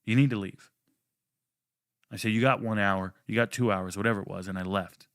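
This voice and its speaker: A man telling a personal story in a casual, animated way, swearing freely and acting out what people said. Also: a little fast, no room sound, studio quality. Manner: animated, profane, acts out quotes with jumps in pitch.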